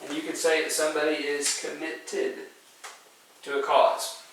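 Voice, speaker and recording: A man's voice: fairly high pitch, flat delivery, a little slow, a bit bright, a little hiss or hum. Man teaching in a very echoey room. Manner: patient, explains step by step with frequent "okay?" and "right?" checks. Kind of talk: spelling lesson to students. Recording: very echoey room, voice from far off the mic.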